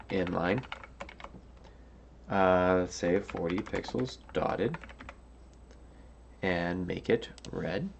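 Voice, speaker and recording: A man's voice: low-pitched, vocal fry, slight background noise. A tired man thinking aloud as he works through a coding puzzle, hesitant and musing, with many fillers and restarts. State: tired, yawning. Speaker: coding tutorial host.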